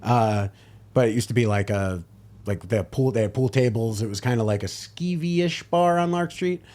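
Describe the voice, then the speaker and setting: A man's voice: medium pitch, normal speed, a little mellow. Chatty male comedian guest rambling. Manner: rambling, chatty anecdotes with restarts. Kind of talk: casual chat.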